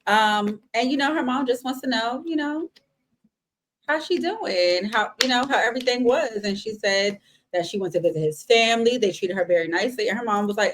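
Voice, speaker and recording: An American woman co-hosting a relaxed chat, easygoing and quick to laugh. She backs up her partner with short agreeing remarks and tells her part in a calm, even way. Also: fairly high pitch. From United States. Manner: relaxed, laughing, supportive interjections. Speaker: podcast co-host. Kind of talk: casual recap chat.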